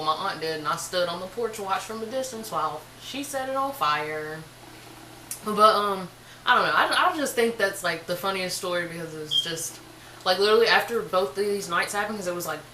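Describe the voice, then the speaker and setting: A young woman telling a casual storytime on her vlog, chatty and animated, full of slang. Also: on the low side, brisk, echoey room, a little hiss or hum, rough recording. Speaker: vlogger.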